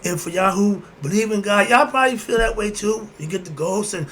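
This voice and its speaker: A man's voice: high voice, a little fast, few pauses, fairly bright tone, slight background noise. A man giving a casual philosophical monologue, preachy and informal, asking questions and answering them himself and chuckling often. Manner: repeats "moving on" between points. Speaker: host.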